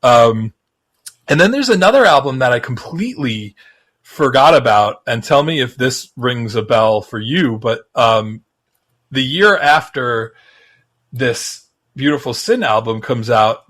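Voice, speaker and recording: Male podcast co-host, mid-pitched voice, rambling and halting, keen. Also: animated, a bit bright. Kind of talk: casual chat.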